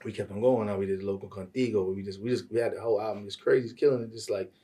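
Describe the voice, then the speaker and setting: A man tells stories from the music business in a casual interview, profane and animated. He talks quickly in a lowish voice. His voice sits a little back from the mic. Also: breathy edge, distant mic. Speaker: music manager, interview guest.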